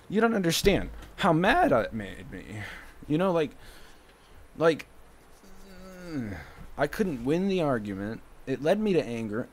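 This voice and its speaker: A man streaming, ranting at the camera, agitated and swearing, swinging between loud outbursts and low muttering.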